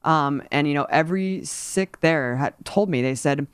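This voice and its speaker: A woman hosting a casual political discussion, talking in an animated, rambling way with many fillers. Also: low-pitched, normal speed, clean tone, no room sound, studio quality.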